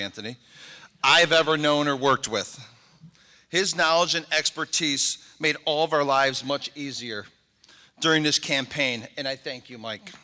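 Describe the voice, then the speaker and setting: A man's voice: a little high, bright, forceful tone. Emotional middle-aged man speaking in an echoey hall. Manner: heartfelt and emotional, thanking people one by one. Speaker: mayor. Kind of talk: inauguration speech. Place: large convention hall.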